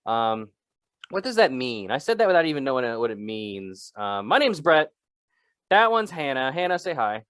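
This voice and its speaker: A man co-hosting an improvised comedy podcast, rambling and joking with big swings in pitch. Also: big pitch swings, moderate pace, a bit bright, smooth, dry recording, clean studio sound. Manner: rambling, jokey, shifts pitch a lot. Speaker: podcast co-host.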